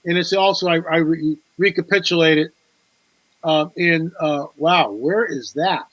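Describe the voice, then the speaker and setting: A man's voice: a little high, unhurried, fairly bright tone, no room sound, lo-fi sound. A man, a guest author on a talk show, telling a story with animation, repeating words and acting out quoted dialogue.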